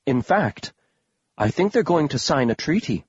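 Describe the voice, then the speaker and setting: A man voicing a soft-spoken, courteous male scholar who talks hesitantly. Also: on the high side, big pitch swings, unhurried, slightly rough, dry recording, highs cut off, heavily acted. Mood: earnest.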